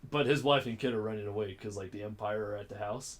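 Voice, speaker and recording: A young man co-hosting a podcast, chatting casually about films, excitable and profane, acting out scenes with loud outbursts. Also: mid-range voice, moderate pace. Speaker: podcast co-host. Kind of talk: casual film chat.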